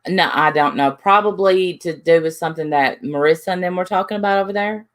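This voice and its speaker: A woman hosting a casual livestream chat, talking haltingly with many restarts and reading out names from the chat. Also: lowish voice. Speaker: livestream host.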